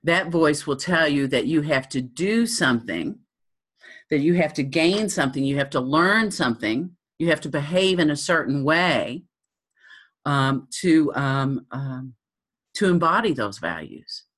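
A woman giving a thoughtful teaching talk, halting often with ums. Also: deep voice, animated.

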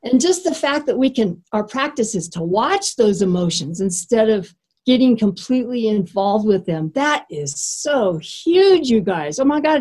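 A woman who trains horses, candidly sharing a personal story with a group in an animated, easygoing way. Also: medium pitch. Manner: animated and candid, laughing easily.

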